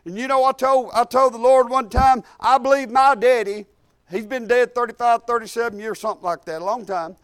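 A man's voice: very high voice, steady tone, a little fast, a bit bright, smooth, no room sound. A middle-aged man preaching an informal sermon, telling folksy personal stories and building emphatic cadences on scripture.

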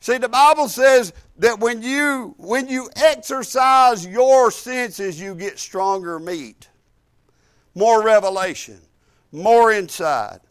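A man's voice: sits high, takes it slowly, fairly bright tone, clear, resonant tone. A middle-aged man, preaching a sermon in a church, telling a story with emphatic repetition.

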